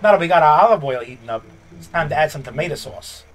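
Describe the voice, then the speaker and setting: A man's voice: fairly high pitch, expressive, close to an everyday voice. A man voicing a brash Italian-American mobster with a New York accent, picking fights while narrating a game. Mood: instructive. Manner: tough-guy, swaggering, quick to pick fights. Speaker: gaming YouTuber. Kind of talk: in-character comedic gameplay commentary. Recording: roomy echo with game music behind.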